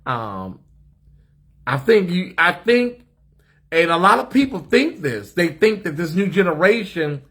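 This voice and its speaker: His voice is a little high, sharp in tone, and slightly rough: an American man chatting casually and sassily on a hotel-suite live stream, speaking directly to the people in his comments.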